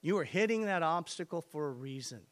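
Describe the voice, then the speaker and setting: A man's voice: on the high side, animated, brisk. A man preaching a sermon with energy and emphasis, reading scripture and putting direct questions to his listeners. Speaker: pastor.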